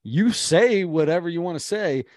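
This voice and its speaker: A man's voice: on the high side, normal speed, no echo, studio quality. A man co-hosting a casual sports podcast. He jokes a lot and tells stories by acting out the quotes. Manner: joking, animated storytelling with acted-out quotes. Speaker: podcast co-host.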